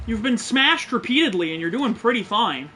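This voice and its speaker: A man's voice: extremely high pitch, animated, normal speed, sharp tone, a little hiss or hum. A man streaming a game, giving joking, profane, blunt commentary. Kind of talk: casual gameplay commentary.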